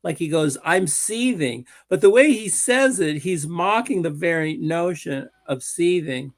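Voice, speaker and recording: A man's voice: fairly high pitch, lively intonation, a little slow. A man on a panel, theorizing in a musing, amused way. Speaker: political commentator on a panel. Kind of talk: analytical panel talk.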